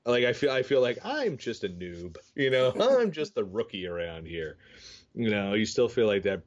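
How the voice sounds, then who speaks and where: Rambling laid-back guy, low voice. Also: very animated, moderate pace. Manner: rambling, filler-heavy, self-mocking storyteller. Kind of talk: casual chat. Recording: dull lo-fi audio.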